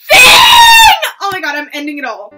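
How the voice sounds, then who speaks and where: A woman's voice: on the high side, expressive, normal speed, sharp tone, faint music behind. A young woman, reading fan fiction aloud and reacting with dramatic shrieks and laughter. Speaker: YouTuber.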